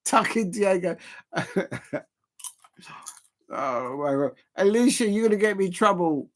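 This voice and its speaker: A man's voice: high voice, expressive, unhurried. A man streaming a live football reaction, chatty and laughing, calling out his viewers. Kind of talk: live match reaction commentary.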